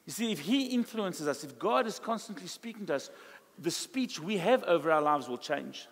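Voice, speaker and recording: A male pastor with a South African English accent and a high-pitched voice preaches a chatty, animated sermon, slipping into quoted voices as he tells stories. He speaks at a normal speed, and a long reverb from the church hall trails his words.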